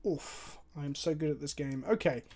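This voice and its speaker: A young man streaming a card game, talking through his plays and chatting with viewers in an animated, foul-mouthed, self-mocking way. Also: fairly high pitch, normal speed.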